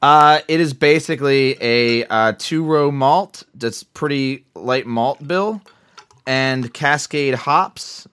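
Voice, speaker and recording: A man's voice: medium pitch, slow pace, a bit bright, clean tone, dry recording. Guy cohosting a podcast, jokey and loose, cussing here and there, super dry close mic. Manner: joking, loose, swears casually. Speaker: podcast co-host. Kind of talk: casual podcast banter.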